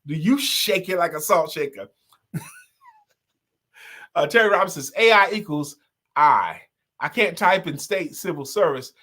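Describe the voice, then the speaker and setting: Animated, laughing male host. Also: on the high side, a little slow, long pauses. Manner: animated storyteller, sings snatches of songs and laughs often. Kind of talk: casual live-stream chat reading comments.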